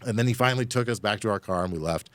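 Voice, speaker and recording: A man's voice: lowish voice, racing, no room sound. A man casually telling a rambling, profane story on a podcast, full of fillers. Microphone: studio microphone.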